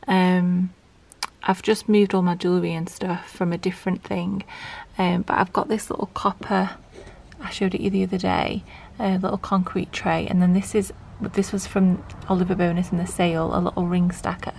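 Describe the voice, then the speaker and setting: A woman's voice: on the low side, little pitch movement, normal speed, vocal fry, a little mellow. A young woman chatting casually in a home vlog, rambling with lots of fillers, at times out of breath. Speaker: vlogger. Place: home, indoors.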